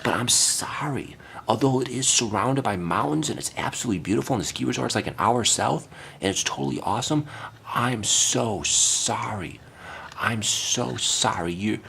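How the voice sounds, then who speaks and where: A man's voice: medium pitch, vocal fry, slight background noise. A man doing a sarcastic comedic rant from home, taunting and repeating his jabs with fake apologies. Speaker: comedy vlogger.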